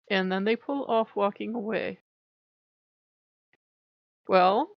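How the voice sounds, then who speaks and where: A woman talking to camera at home as a Wiccan vlogger, telling a story in a casual, animated way and laughing often. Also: medium pitch, vocal fry, no echo. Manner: animated, laughs often, voices her own quoted outbursts. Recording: dull, dry lo-fi sound.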